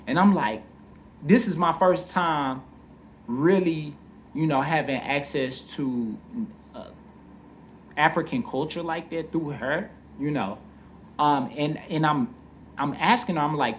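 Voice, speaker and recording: A man's voice: on the high side, measured pace, fairly bright tone, a little hiss or hum. A man casually telling a personal story, candid and profane, full of "you know what I mean.".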